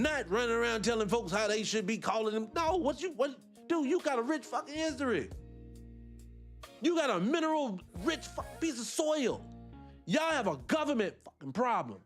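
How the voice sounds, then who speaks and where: A man with a Black American accent, giving heated, profane reaction commentary as a channel host. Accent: Black American English. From United States. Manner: profane, animated, swinging between loud and low.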